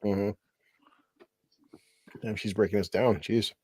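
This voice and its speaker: A man's voice: fairly low pitch, steady tone, slow pace, darkish tone, slightly rough. A man co-hosting a podcast, reacting wryly with exclamations during a casual movie chat. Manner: wry, reactive, frequent exclamations. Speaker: podcast co-host.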